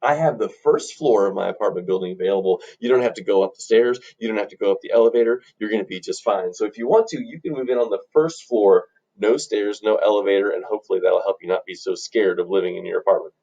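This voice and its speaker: A man's voice: on the low side, fast, creaky, mellow, husky. A man voicing a friendly, easygoing landlord in a storybook tale, cheerful and laid-back. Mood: kind. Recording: dull lo-fi recording.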